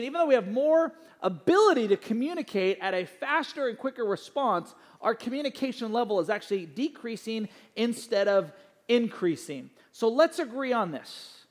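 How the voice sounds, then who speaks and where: A middle-aged male pastor preaching a sermon and giving church announcements in a conversational, anecdotal way, with many fillers. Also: very high voice. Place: church sanctuary. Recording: long hall reverb.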